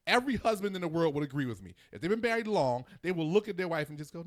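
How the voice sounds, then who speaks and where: A man in his forties hosting a casual podcast chat, ranting in an animated way and mimicking others in quick asides. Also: high voice, no echo, clean studio sound. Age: 40s. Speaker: host.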